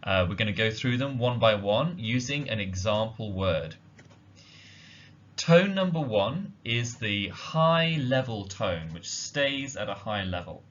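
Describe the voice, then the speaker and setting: A man giving a slide-based language lesson, explaining slowly and carefully with frequent ums. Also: on the low side, animated, a bit bright. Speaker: language teacher. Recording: dull lo-fi audio.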